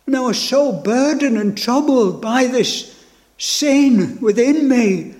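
A man's voice: extremely high pitch, slow pace, a little mellow. A man preaching a sermon with fervent, repeated phrases and stammered restarts. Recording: long hall reverb.

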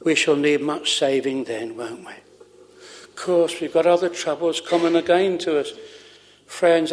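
An older man preaching with fervent earnestness, his voice sitting a little higher than most men's. He speaks in old-fashioned scriptural phrasing and builds toward heartfelt appeals before closing in prayer. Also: a little mellow.

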